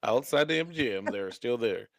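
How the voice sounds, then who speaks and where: A man's voice: medium pitch, animated, normal speed, a crowd in the background. Laughing man telling a wild story. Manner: laughing storyteller, acts out dialogue. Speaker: podcast co-host. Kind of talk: casual storytelling chat.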